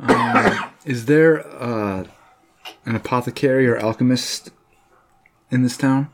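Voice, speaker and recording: A man's voice: medium pitch, slow. A man playing in a tabletop game, asking questions hesitantly. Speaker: player.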